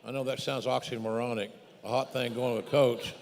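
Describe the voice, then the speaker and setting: A man hosting a podcast, telling his own story in a measured, opinionated way. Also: medium pitch, little pitch movement, vocal fry, a little hiss or hum. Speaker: podcast host. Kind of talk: podcast conversation. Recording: long hall reverb.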